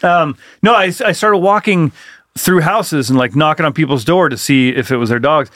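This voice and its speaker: Male podcast co-host, rambling storyteller, slightly high voice, dry sound. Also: moderate pace, a bit bright, no room sound. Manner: rambling storyteller, swears freely. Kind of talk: casual chat.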